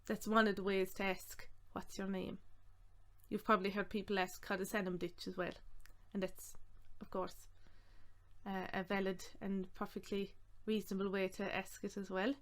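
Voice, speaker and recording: A woman with an Irish accent teaching a language lesson, saying phrases slowly and repeating them word by word before explaining them. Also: mid-range voice, level tone. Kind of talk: slow, clear language lesson.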